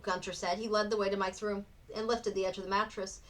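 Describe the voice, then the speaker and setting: A woman teacher reading a novel aloud for students in an expressive storybook narration. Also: mid-range voice, fast talker. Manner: expressive, acts out the characters.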